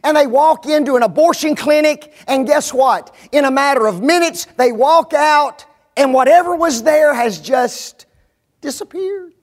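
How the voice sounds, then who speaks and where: A man's voice: extremely high pitch, measured pace. A man preaching a sermon, driving his points home with emphatic rhetorical questions.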